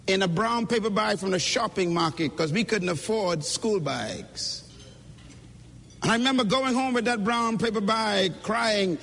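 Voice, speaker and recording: A man speaks in a very high, somewhat bright voice, delivering an emphatic motivational talk in a preacher-like style at a conference. He addresses the audience directly, and the recording carries the echo of a reverberant hall.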